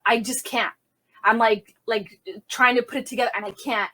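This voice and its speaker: A woman crime scene investigator telling a personal story in conversation, in a vivid retelling full of quick restarts and self-corrections. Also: a little high, steady tone, pushed and bright.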